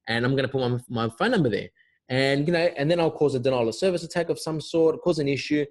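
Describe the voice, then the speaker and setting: A man's voice: mid-range voice, quick pace. Chatty man teaching security. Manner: loose, chatty, many fillers and restarts. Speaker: cybersecurity instructor. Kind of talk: informal recorded lesson.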